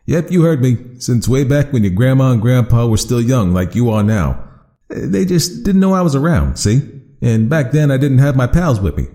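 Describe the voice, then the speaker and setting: A man's voice: mid-range voice, big pitch swings, normal speed, mellow, voice pushed up. A man voicing a chatty, friendly male creature from a storybook, talking casually with many fillers. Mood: reassuring.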